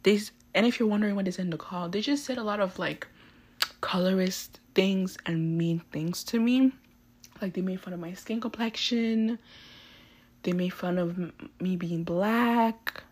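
A teenage girl hosting a podcast, telling a story in a chatty, animated way full of fillers. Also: mid-range voice, moderate pace, slightly rough. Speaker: podcast host. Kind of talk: casual storytelling.

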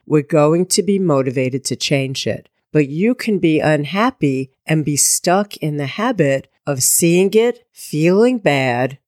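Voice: mid-range voice, no room sound, studio quality. A podcast host speaking as a coach in an earnest, encouraging monologue, putting direct questions to the listener.

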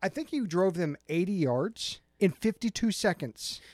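An excitable man co-hosting a casual sports podcast, his voice a touch high and swinging widely in pitch. He chats fast and loose, jumping into short impressions, recorded close and dry with no room sound. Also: no room sound. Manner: excitable, mimics people in bursts. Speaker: podcast co-host.

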